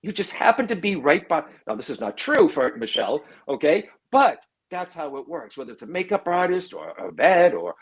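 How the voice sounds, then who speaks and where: A man, a guest on a talk show, explaining in an animated conversational way and acting out the voices he quotes. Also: fairly high pitch, moderate pace, breathy edge. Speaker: psychic medium guest.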